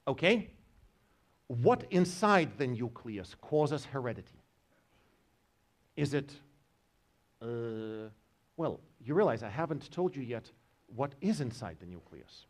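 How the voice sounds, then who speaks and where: A man's voice: medium pitch, big pitch swings, takes it slowly, long pauses. A man giving a university biology lecture, joking with his students as he explains. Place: lecture hall.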